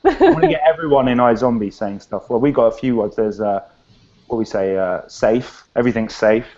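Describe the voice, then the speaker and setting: Lively young London man on a stream. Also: mid-range voice, a little fast. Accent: London English. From England. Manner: animated, laughing, playful. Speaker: actor guest. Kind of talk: casual live-stream interview. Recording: dull lo-fi stream audio.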